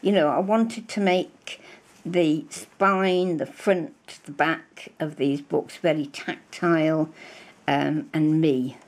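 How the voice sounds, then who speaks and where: An older British woman talks slowly in a gravelly, husky voice, gushing over craft trims in a rambling, chatty way. Her pitch sits a little low. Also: steady tone. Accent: British English. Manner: chatty, effusive, rambling with many fillers. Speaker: crafting vlogger. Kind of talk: casual show-and-tell chat.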